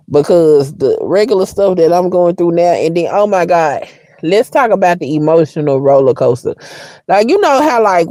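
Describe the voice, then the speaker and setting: A woman in her forties hosting a live stream, telling personal stories to her viewers in a blunt, frank and expressive way and swearing freely. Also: fairly low pitch, no room sound. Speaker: livestream host. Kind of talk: casual storytelling to viewers.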